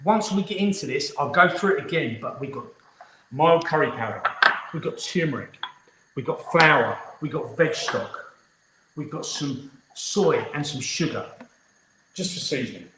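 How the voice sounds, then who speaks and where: Upbeat fifty-year-old chef in an echoey kitchen. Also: male voice, a little high, animated, a little slow, sharp tone. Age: 50s. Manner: chatty, upbeat, instructive. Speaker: head chef hosting a cookalong. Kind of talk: live cooking demonstration. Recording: echoey room with faint noise.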